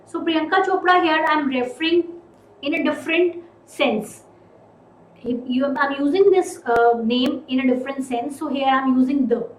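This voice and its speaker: High-voiced woman teaching grammar, echoey room. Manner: repeats and stresses key words slowly. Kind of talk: recorded grammar lesson.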